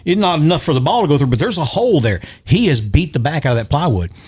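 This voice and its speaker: A middle-aged man tells a long story in casual podcast chat, animated and acting out the voices of the people he quotes. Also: on the high side, fast, breathy edge. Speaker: podcast guest or host.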